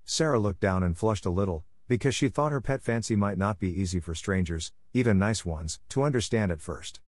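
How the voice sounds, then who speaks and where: A man narrating a classic story aloud in a steady, measured reading voice, recorded close. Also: on the low side, dry recording. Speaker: audiobook reader.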